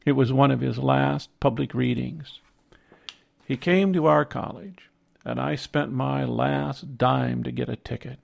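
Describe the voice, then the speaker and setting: An older man narrating a reflective personal essay in a measured, contemplative way. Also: mid-range voice, steady tone, gravelly.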